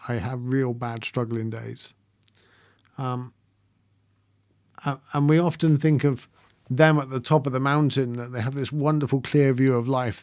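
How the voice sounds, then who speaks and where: A man speaks in a soft, halting way, pausing on frequent ums and letting small laughs slip in. The sound is close and dry, with no room behind it. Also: medium pitch, no room sound. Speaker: meditation livestream host. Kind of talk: live-streamed reflective talk, reading viewer comments.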